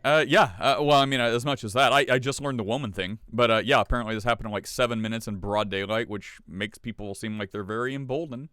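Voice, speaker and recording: A man's voice: medium pitch, steady tone, fast, few pauses, a bit bright, clean tone, dry recording, studio quality. A man hosting a podcast in casual chat, sarcastic and laughing often as he reads stories aloud. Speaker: podcast host.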